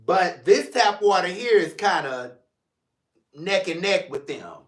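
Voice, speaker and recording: A man from St. Louis, Missouri hosts his own talk show as a casual solo livestream, speaking slowly in a high voice in an echoey room. He's animated and joking, drifting between playful banter and earnest, emotional reflection.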